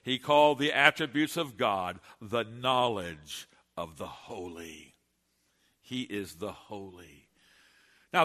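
A man preaching a sermon, emphatic, with dramatic pauses. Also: on the high side, sharp tone. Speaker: pastor. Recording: long hall reverb.

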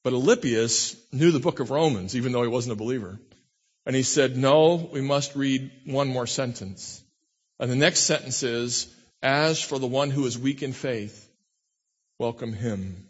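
A male pastor delivers a sermon in a mid-pitched voice, earnest and emphatic, swelling to strong peaks before dropping soft. The sound carries a long reverb, and the recording is a little dull. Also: moderate pace, husky. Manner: earnest, builds to emphatic peaks then drops low.

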